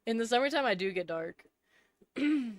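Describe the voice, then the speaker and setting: A woman's voice: a little high, animated, moderate pace, no echo. A woman, live-streaming a game and chatting casually with her viewers, laughing often as she goes. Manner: chatty and giggly, answering chat. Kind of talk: casual chat with viewers while gaming.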